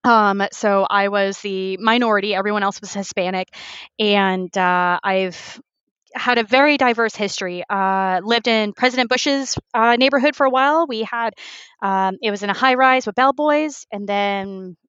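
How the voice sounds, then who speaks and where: A woman's voice: medium pitch, moderate pace, clean tone, dry recording, dull audio. Woman, from Texas, interview guest, chatty, lots of fillers, dry close sound. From Houston, Texas. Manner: chatty and animated, laughs often, many fillers. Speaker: guest, professional competitive shooter. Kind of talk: casual interview chat.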